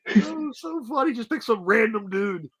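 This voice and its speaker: A man with a high-pitched, bright voice tells stories in a casual interview. He is animated and swears freely, breaking into laughter often. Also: moderate pace, breathy edge, low-quality recording. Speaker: interview guest, former wrestler. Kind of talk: casual storytelling.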